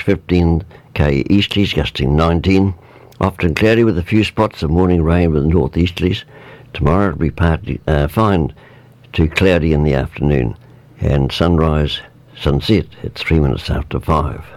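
Male radio weather presenter, New Zealand accent, deep voice, laid-back read, dry studio sound. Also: normal speed, no room sound. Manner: relaxed, informal, with fillers and asides. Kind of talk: reading a weather report.

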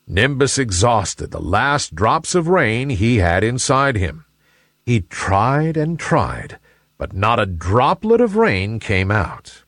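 A man narrating a children's storybook in an expressive, unhurried way. His delivery is slow and his pitch swings widely and animatedly. The recording is close and dry. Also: no echo.

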